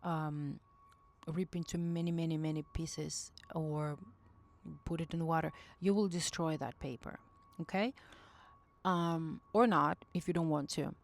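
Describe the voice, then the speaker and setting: This intuitive message reader speaks in a low voice with a steady tone and measured pace. She gives spiritual advice in an earnest, casual monologue. Along the way she often hunts for the right words and restates what she's said.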